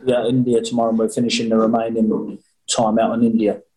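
A man's voice: mid-range voice, little pitch movement, fast talker, dark tone, poor audio. A man, answering interview questions over a video call in a cheeky, rambling, jokey way. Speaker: boxer interviewee. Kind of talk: casual remote interview.

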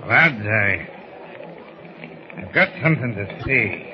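An actor playing a stoic, fatherly older ship captain, gruff and steady, in 1940s radio acting. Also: lowish voice, takes it slowly. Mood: solemn. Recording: dull old radio recording with faint hiss.

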